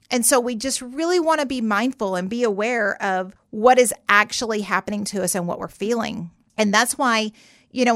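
A woman therapist talks through emotions in a loose, conversational podcast style, slipping into quick client voices as she goes. Her voice sits at an ordinary middle pitch and the recording is dry and close, with no room sound. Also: fairly bright tone, dry recording. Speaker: therapist host. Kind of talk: podcast explainer monologue.

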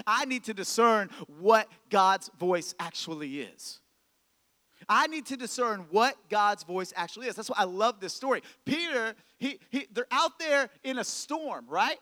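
A man's voice: sits high, very animated, moderate pace, pushed and bright, long reverb tail. A man preaching a sermon as a pastor, talking to the congregation in a conversational way, full of rhetorical questions and repeated phrases.

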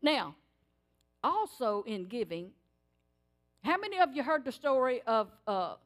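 An older woman giving a sermon in church, telling stories in an animated, emphatic way. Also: on the high side, measured pace. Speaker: church speaker. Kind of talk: sermon testimony.

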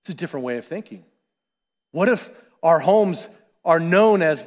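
Pastor, male, fairly high voice, chatty animated sermon, long church reverb. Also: moderate pace, long pauses. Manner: conversational, animated preaching with asides. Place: church sanctuary.

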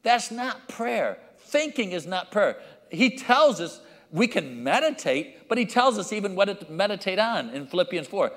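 A man preaching a sermon as pastor, acting out his children and church members with lively changes of voice. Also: high-pitched, normal speed, few pauses, long reverb tail.

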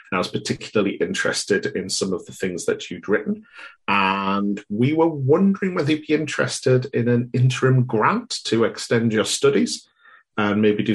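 A man's voice: on the low side, natural voice. A man playing a fussy Cambridge professor on a phone call, rambling and hesitant with a pompous edge.

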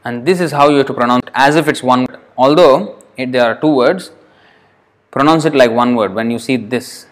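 Patient man teaching pronunciation. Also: mid-range voice. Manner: patient, repeats words slowly to show how they sound. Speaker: Sanskrit teacher. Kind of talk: explaining pronunciation to a class.

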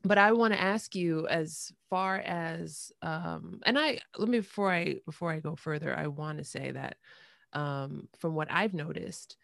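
A woman's voice: low voice, unhurried, creaky, a bit bright, dry recording, studio quality. A woman hosting a podcast interview, chatting casually with many fillers and restarts. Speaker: podcast host.

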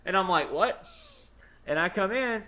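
A man's voice: fairly high pitch, expressive, moderate pace, bright, forceful tone. A young man, a podcast co-host, telling a rambling story in casual chat and swearing freely.

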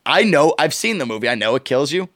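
A young man chatting with a fairly high, very lively voice. He is animated and fidgety and swears freely. The recording is dry and close. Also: quick pace, no echo. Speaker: podcast co-host. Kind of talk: casual chat.

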